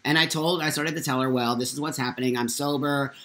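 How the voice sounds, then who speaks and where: A man's voice: mid-range voice, fast talker. Candid man hosting a casual chat. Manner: animated storyteller, candid and blunt. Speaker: host. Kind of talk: casual live talk show chat.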